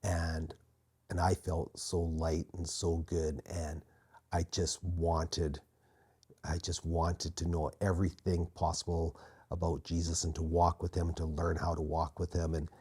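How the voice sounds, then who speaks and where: A man as an interview guest, quietly and earnestly telling his personal faith testimony. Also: low voice, level tone, a little slow, slightly rough. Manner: quiet, earnest, reflective storytelling.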